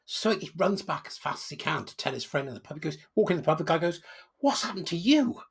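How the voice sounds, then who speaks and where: Commentator, raspy and animated, loose joke-teller. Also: male voice, a little high, fast talker. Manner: rambling, mocking, joke-telling. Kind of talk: comic monologue.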